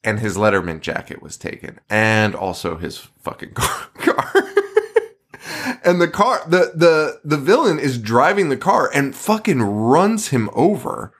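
A man's voice: medium pitch, a little slow, husky. A man co-hosting a casual podcast, his voice rising and falling in wide swings. He rambles through scene recaps, laughing often and cursing freely. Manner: animated, laughing, profane storytelling. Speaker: podcast co-host. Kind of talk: casual film podcast chat.

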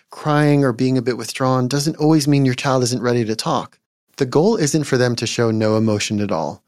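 Calm man giving parenting advice. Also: mid-range voice, no room sound, clean studio sound. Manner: calm, measured, gently instructive. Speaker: psychologist podcast host. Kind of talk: scripted podcast advice.

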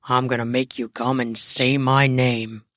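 A woman voicing a confident, seductive man playing Santa, speaking in a firm, smooth, commanding way. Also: rumbling low, level tone, a little slow, no echo, clean studio sound, pitched below the performer's own voice.

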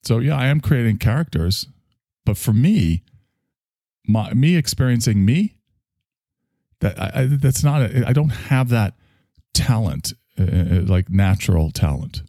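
He talks to his online audience with lively intonation, a warm mid-range voice, and a slightly slow pace with long pauses. As the stream host, he rambles, turns reflective about himself, and curses freely, all on a dry, clean studio recording.

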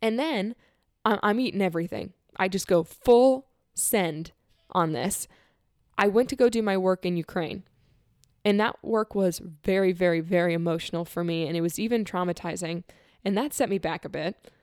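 A woman tells a personal story in an easy, conversational voice. She is earnest and animated and laughs often, and she acts out the quotes in her story. The recording is close and dry, with no room echo. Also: lowish voice, normal speed, clean tone.

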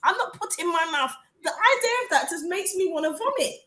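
A woman's voice: very high voice, expressive, brisk, bright, forceful tone, echoey room. A woman in a casual chat, speaking frankly and emphatically, often laughing.

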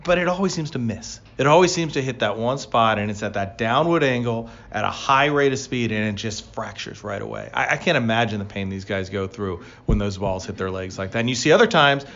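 A man co-hosting a casual baseball talk show, telling player stories with lively excitement. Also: brisk, creaky, few pauses, muffled recording. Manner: storytelling, animated, rising pitch when excited. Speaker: baseball podcast co-host, former player. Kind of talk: casual sports chat.

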